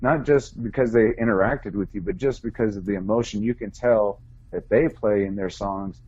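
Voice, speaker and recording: A man talking as a podcast guest in casual chat, an excitable storyteller full of "like" and "you know". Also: lowish voice, moderate pace, breathy edge. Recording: slightly dull, lo-fi sound.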